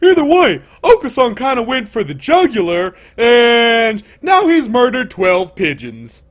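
A man voicing a panicked young male pigeon student, reading game lines in a high, shouting, frantic voice. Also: wildly swooping pitch, unhurried, heavily acted.

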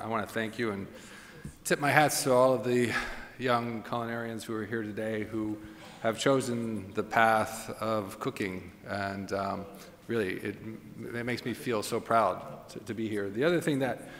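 A man from the United States speaking on a panel, earnest and halting, with many restarts. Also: mid-range voice. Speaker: panelist chef. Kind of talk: panel discussion on stage. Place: large auditorium. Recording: long hall reverb.

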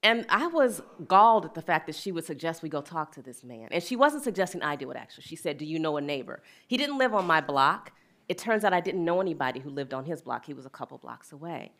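A middle-aged woman who speaks on wellness and equity shares a personal story in a reflective talk, earnest, plain-spoken, and quick to laugh. Her voice is deep yet fairly bright, very animated, and fast.

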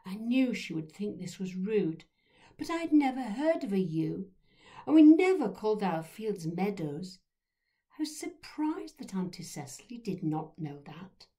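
A woman reading her own countryside memoir aloud in a gentle storytelling manner. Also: medium pitch. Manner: gentle, slow, lively storytelling. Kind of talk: storytelling narration.

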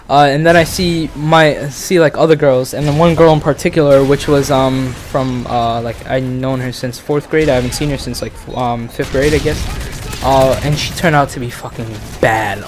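A young man from the Bronx, New York, a vlogger and channel host, tells a story casually in a slightly high voice. He rambles and swears, with plenty of fillers and restarts, over slight background noise.

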